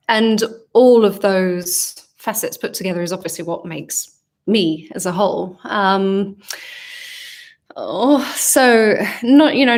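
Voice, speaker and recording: A woman with a southern English accent hosts a casual livestream Q&A from home. She speaks slowly and thoughtfully, stopping often with ums as she reads fan comments and answers them. Her voice sits at a mid pitch. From England. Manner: reflective, hesitant, many ums, reads comments aloud. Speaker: singer answering fan questions.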